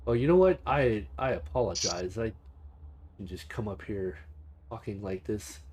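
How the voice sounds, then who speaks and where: A man's voice: on the low side, expressive, normal speed, darkish tone, slightly rough. A man voicing a tall, scarred, rail-thin male stranger who speaks politely and formally in a tabletop game. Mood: curious. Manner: polite, formal, easily flustered.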